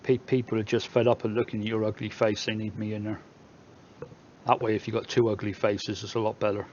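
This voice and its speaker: A man's voice: fairly low pitch, flat delivery, brisk, darkish tone, lo-fi sound, slight background noise. A man with a Somerset English accent, hosting a casual live stream where he reads viewer comments aloud and jokes back at them. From England.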